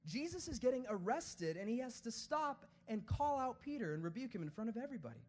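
Preaching at a fairly quick clip, a man with a strikingly high, light voice keeps his sermon casual and lively. He shifts between playful asides and quiet, earnest appeals, never turning formal.

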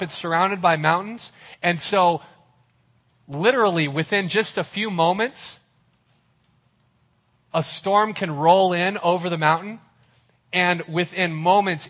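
A man's voice: fairly high pitch, fairly bright tone. A man preaching a sermon as a pastor, retelling a story vividly with casual asides to the listeners.

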